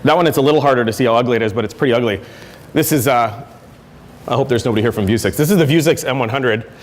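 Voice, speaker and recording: A man gives a conference talk at a brisk pace, restarting phrases and filling gaps with "um" as he goes. His voice sits mid-range. It rings out with a long reverb from the hall. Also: medium pitch. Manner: conversational, self-correcting with fillers. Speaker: conference speaker. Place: lecture hall.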